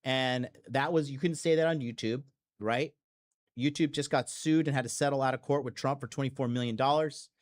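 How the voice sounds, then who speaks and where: A man's voice: medium pitch, fairly even intonation, normal speed. A man hosting a podcast in a blunt, profane, rambling monologue full of fillers and restarts. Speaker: podcast host. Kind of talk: casual monologue.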